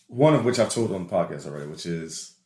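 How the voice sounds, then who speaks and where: Animated New Orleans man telling stories. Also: low-pitched, fast, echoey room. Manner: laughing, animated storyteller. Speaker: podcast co-host. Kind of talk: casual storytelling chat.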